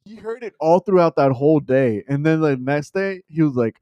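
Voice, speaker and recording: A young man hosting a casual podcast, telling stories in an animated way and laughing often. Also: fairly high pitch, brisk, no room sound, lo-fi sound. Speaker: podcast host. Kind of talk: casual chat.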